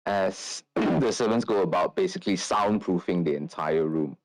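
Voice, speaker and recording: A man with a low, deep voice narrates a tabletop game as game master. He rambles, and his sentences are full of fillers and restarts. His voice is close and dry. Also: moderate pace, no room sound, low-quality recording.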